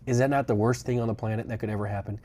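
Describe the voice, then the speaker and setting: A man's voice: on the low side, steady tone, rapid-fire, warm tone, a little hiss or hum. A young man live-streaming from a rental car, chatting casually, rambling and swearing, with dry sarcastic asides. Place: inside a rental car on a road trip.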